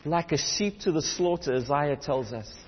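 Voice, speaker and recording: A man preaching a sermon, reading scripture aloud and swinging between raised emphasis and hushed, quiet passages. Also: a little high, animated, normal speed, breathy edge, in a large hall, dull audio. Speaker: pastor.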